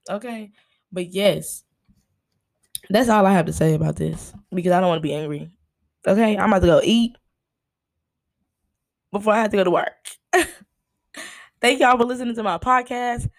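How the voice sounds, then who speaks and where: A woman's voice: fairly low pitch, creaky. Exasperated young woman ranting on a podcast. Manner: animated, exasperated, addresses listeners as y'all and honey. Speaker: podcast host. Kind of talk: casual solo podcast rant.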